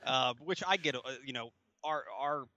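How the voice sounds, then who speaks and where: A man's voice: medium pitch, normal speed, pushed and bright, no echo, dull audio. A man hosting a podcast in casual chat, rambling and laughing often. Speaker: podcast host.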